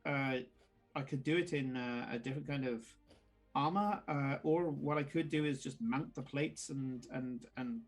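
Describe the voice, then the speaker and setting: A man voicing a gruff old female dwarf blacksmith who talks in a brusque, businesslike way. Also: mid-range voice, normal speed, faint music behind, lightly acted. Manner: brusque, businesslike, calls others lad.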